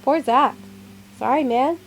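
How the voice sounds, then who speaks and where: A woman's voice: high-pitched, slow, soft background music, poor audio. A woman playing a story game, reading its text aloud with casual asides. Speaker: gaming channel host. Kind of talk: narrated game let's play.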